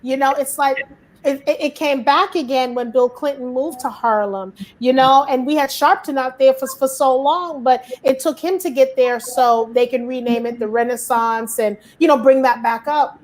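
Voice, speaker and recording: A woman from Brooklyn, hosting a casual panel discussion in an animated, chatty way and acting out quoted dialogue. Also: high voice, moderate pace. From Brooklyn, New York.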